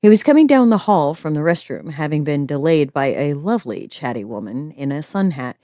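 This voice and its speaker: A woman co-hosting a writing prompt stream who chats excitedly, giggles, talks with her mouth full and reads stories aloud. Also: deep voice, a little fast, no echo, studio quality. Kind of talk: casual chat and reading stories aloud.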